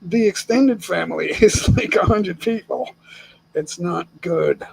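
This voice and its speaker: A man's voice: high-pitched, unhurried, vocal fry, a little hiss or hum, low-quality recording. An older man from the United States hosting a casual live stream chat from home, speaking bluntly and with opinions, chuckling often.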